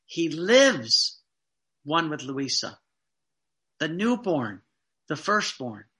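Bright-voiced man preaching fervently. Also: a little high, sing-song. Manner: fervent, emphatic repetition, slowing for stress. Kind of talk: sermon.

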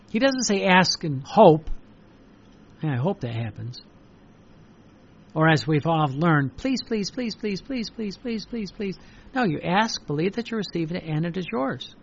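A man's voice: high-pitched, a bit bright, lo-fi sound, a little hiss or hum. A man preaching a devotional sermon with fervor and repetition, reading passages aloud. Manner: fervent, repetitive, reads quoted passages aloud.

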